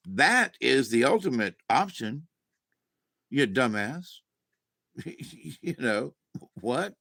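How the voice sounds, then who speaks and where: A man's voice: mid-range voice, vocal fry, fairly bright tone, no echo. A man talking in a rambling, casual monologue to his camera, losing his train of thought, chuckling and swearing offhandedly. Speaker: vlogger.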